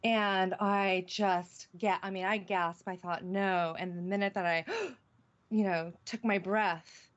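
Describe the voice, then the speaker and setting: A woman's voice: mid-range voice, steady tone, slow pace. A middle-aged woman, a radio show guest, earnestly recounting a personal experience with many restarts. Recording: dull, lo-fi call-in audio.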